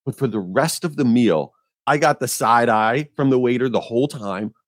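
A man hosting a podcast, telling an exasperated, animated story about a pet peeve. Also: medium pitch, moderate pace, no room sound, clean studio sound. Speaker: podcast host. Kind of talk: ranting monologue.

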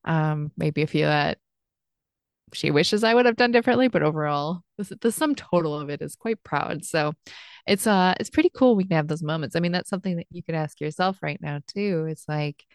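Woman, podcast host, low voice, reflective casual talk, lots of ums. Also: brisk, clean tone, no room sound, studio quality. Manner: reflective, chatty, many fillers and restarts. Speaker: podcast host and life coach. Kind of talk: casual solo podcast commentary.

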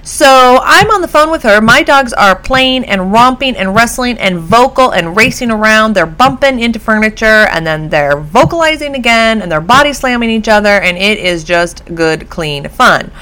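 Speaking at a normal speed with few pauses, this woman has a fairly high voice. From home, she runs a solo podcast on dog behavior, and her casual delivery is chatty and full of animated, laugh-filled storytelling.

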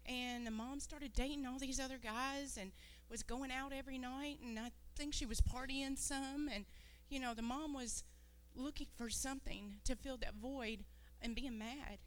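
A woman's voice: high-pitched, steady tone, moderate pace, hardly any pauses. A woman giving an earnest, rambling talk to a church congregation, sometimes losing her train of thought.

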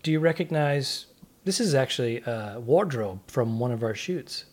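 A man co-hosting a comedy podcast, telling an animated stage story in casual chat. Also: mid-range voice, normal speed.

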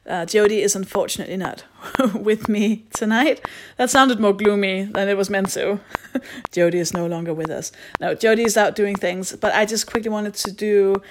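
A woman's voice: mid-range voice, moderate pace, background noise. A woman hosting a podcast, reading out announcements in a playful, rambling, self-mocking way. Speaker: podcast host. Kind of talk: casual solo announcement.

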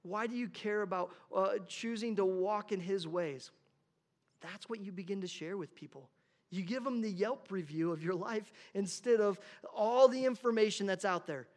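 Male pastor, high-pitched, casual sermon delivery with frequent word repeats. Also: normal speed. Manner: conversational, repeats words at the start of phrases. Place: church.

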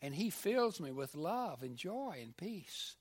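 A preacher voicing a gentle, devout enslaved man. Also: on the high side, big pitch swings, slow, pitched above the performer's own voice, heavily acted.

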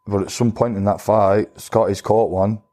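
A man's voice: fairly low pitch, steady tone, normal speed, warm tone. A former boxer, telling his stories bluntly in a casual interview. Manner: blunt, plain-spoken, acts out quoted voices. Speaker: retired boxer guest.

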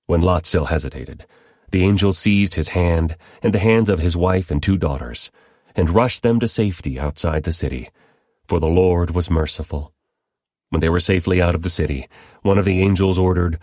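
A man narrates scripture in a steady, measured way. His voice is very low and deep. The recording is dry and close, with no room sound. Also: dry recording. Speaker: Bible reader.

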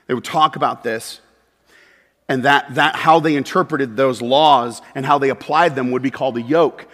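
A man preaching a sermon as pastor, moving between loud emphatic peaks and quiet, confessional asides. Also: medium pitch, normal speed. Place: church sanctuary. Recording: long hall reverb.

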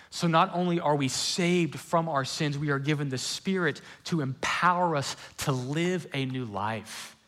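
A man preaching a sermon in a conversational storytelling way, with quick runs and slow, hushed emphasis. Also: a little high. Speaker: pastor.

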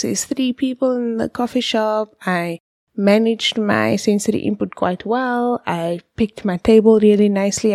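A woman's voice: medium pitch, a little mellow, dry recording, studio quality. A woman, hosting a podcast and explaining things step by step with vivid examples, sometimes dropping to a whisper. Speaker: podcast host.

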